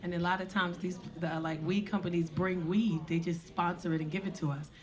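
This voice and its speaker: A woman, animated, swinging from hushed asides to loud punchlines. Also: on the low side, fairly quick. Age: 40s. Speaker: stand-up comedian. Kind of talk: stand-up storytelling.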